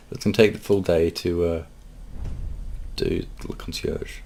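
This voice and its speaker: Let's-play host, deep and gravelly, dry mumbled asides. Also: male voice, fairly even intonation, unhurried, dark tone. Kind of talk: casual game commentary.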